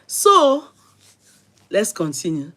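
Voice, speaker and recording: A woman with a Nigerian accent telling her viewers a personal story in a casual, animated way. She laughs often, mixes in Yoruba and Pidgin, and sometimes drops to a near-whisper. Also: mid-range voice, slow pace. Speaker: host.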